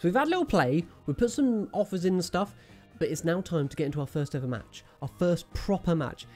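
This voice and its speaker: An excitable man calls his own football game as he plays it, his voice leaping up and down all the time. He cracks jokes and chats to his viewers with faint music behind him. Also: a little high, a little fast. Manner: excitable, jokey, talks to viewers and himself. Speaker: gaming channel host. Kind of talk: live video game commentary.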